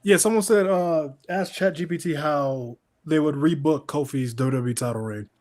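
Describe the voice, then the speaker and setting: A man's voice: a little high, normal speed, darkish tone. A man co-hosting a casual podcast, laid-back and swearing casually. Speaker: podcast co-host. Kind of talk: casual chat.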